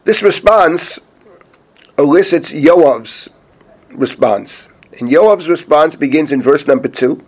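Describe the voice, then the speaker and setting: A middle-aged man with a slightly high-pitched voice teaches a chapter of scripture as a rabbi. He reads Hebrew verses at a deliberate pace, then translates them and explains their meaning in a steady teaching manner. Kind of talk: spoken Bible lesson.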